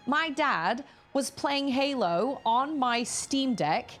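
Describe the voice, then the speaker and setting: A woman's voice: high voice, fairly bright tone. A woman streaming a game, chatting casually and musing aloud as she sorts through menus, repeating item names under her breath. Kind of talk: casual live-stream chat while playing.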